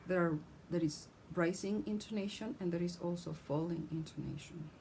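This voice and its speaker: A woman with a fairly low, mellow voice explains her lesson clearly and steadily, stopping to speak example sentences. A faint hum runs under the recording. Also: normal speed, low-quality recording. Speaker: teacher. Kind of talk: scripted lesson on speech.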